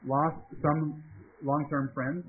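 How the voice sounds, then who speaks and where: A man's voice: on the high side, flat delivery, takes it slowly, a little hiss or hum. A male pastor giving an interactive sermon, often asking his congregation questions. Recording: tinny phone-like sound.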